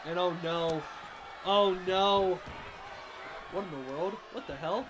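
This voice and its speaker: Biased wrestling commentator, man, shouting over a roaring arena crowd and loud noise. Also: high-pitched, slow. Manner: openly biased, shouting, swearing, cheering on favorites. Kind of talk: play-by-play commentary.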